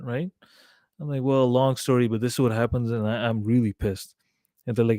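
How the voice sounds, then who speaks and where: A man in a casual podcast chat, telling his story with lively quoted back-and-forth and plenty of swearing. His voice sits at an ordinary middle pitch. The sound is dry and close, with no room echo. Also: fairly quick, clear, resonant tone. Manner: animated storytelling, acting out quoted dialogue; frequent swearing. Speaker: guest musician.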